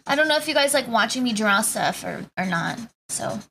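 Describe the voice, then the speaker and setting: A woman's voice: on the high side, animated, a little fast, creaky, pushed and bright, slight background noise. A woman streamer chatting casually with her live viewers, greeting them by name in playful slang. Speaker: Twitch streamer.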